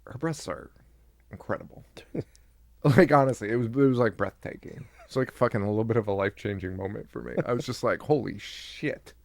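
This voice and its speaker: A man's voice: on the low side, fast, darkish tone, no room sound. A man co-hosting a horror podcast, recapping a movie in casual chat, joking, laughing often and acting out lines. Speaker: podcast co-host.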